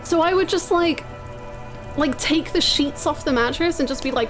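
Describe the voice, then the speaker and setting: Brief: young female streamer, lively and laughing, slightly high voice, game music behind. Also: moderate pace. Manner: chatty, laughing, animated storytelling. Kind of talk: casual chat while playing a game.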